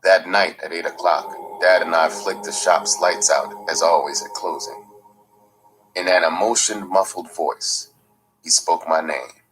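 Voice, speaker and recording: A man reading a first-person memoir aloud in a slow, measured, gritty storytelling manner. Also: sits low, steady tone, a bit bright, low-quality recording. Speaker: audiobook narrator. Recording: faint music underneath.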